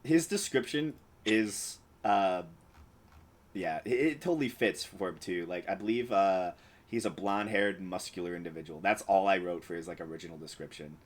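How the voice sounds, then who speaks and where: A man narrating as game master of a tabletop game. His voice sits on the low side, and he wanders through descriptions with plenty of filler words and easy laughs. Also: normal speed. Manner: rambling, full of fillers and laughs.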